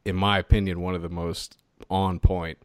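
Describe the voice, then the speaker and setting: A man in his thirties co-hosting a podcast, talking in an animated, opinionated way. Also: low-pitched, normal speed, no room sound, clean studio sound. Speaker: podcast co-host. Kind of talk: casual opinionated chat.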